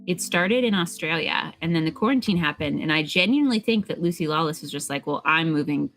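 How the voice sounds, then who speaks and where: A woman chatting casually while playing a game, playful and quick to laugh. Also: lowish voice, lively intonation, fairly bright tone, faint music behind. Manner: giggly, playful, lots of laughing. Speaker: game streamer.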